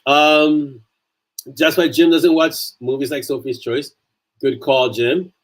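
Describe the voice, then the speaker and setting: A man's voice: fairly high pitch, steady tone, takes it slowly, poor audio. A man, an author hosting a casual livestream chat, talking earnestly and repeating phrases for emphasis.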